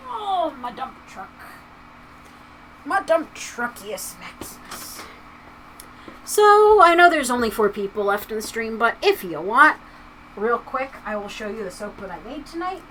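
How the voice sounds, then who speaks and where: A woman's voice: on the high side, distant mic, noisy background. A woman hosting a livestream, chatting casually in a rambling way with lots of filler words while she crafts at home. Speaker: livestream host.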